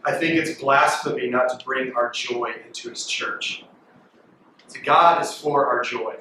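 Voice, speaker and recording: A man preaching a lively, joking sermon to teenagers, with sudden loud outbursts when he acts out reactions. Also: medium pitch, measured pace, slight background noise. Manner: animated and jokey, bursts into loud mimicking. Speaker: youth pastor. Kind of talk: youth sermon. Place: large echoey worship hall. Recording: distant mic in reverberant hall.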